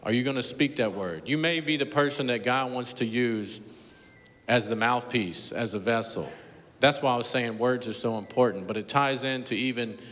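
A male pastor delivers a storytelling sermon from a church sanctuary. His middle-pitched voice drops to near-whispers and then climbs to loud, emphatic peaks. A long reverb trails every phrase through the big hall. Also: moderate pace.

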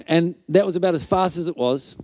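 A man's voice: fairly high pitch, a little fast, darkish tone. A male pastor telling a healing story in a conference sermon, loose and chatty, with fillers and restarts and little mouth sound effects.

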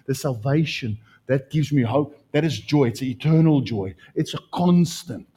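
Husky preacher man. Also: normal speed. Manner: animated preaching, pitch jumping up when excited. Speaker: pastor. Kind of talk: sermon.

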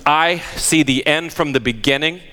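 An older man preaching a sermon, emphatic and animated, firing rhetorical questions at the congregation. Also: on the high side, moderate pace, a little hiss or hum. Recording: long hall reverb.

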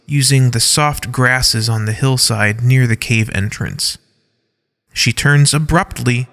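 Slow, measured male story narrator. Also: medium pitch, a bit bright, long reverb tail. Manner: measured, reads stage directions aloud. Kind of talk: scripted story narration with scene headings.

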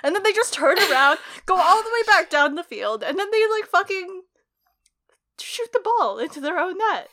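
A woman's voice: extremely high pitch, very animated, moderate pace, bright, forceful tone. A young adult woman co-hosting a podcast in casual chat, giggly and rambling, acting out what others said. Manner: giggly, rambling, acts out quotes. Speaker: podcast co-host.

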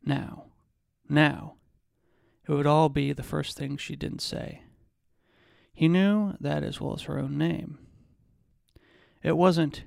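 A man, a podcast host, reading a novel excerpt aloud at a measured pace, with occasional restarts. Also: on the high side, fairly even intonation, vocal fry, darkish tone, no echo, clean studio sound.

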